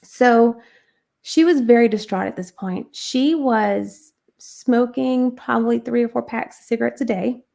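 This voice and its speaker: Woman w a bit of vocal fry telling her story to a host, earnest, lots of ums. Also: a little high, unhurried, warm tone. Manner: earnest, with frequent ums and restarts. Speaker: guest sharing testimony. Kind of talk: personal storytelling.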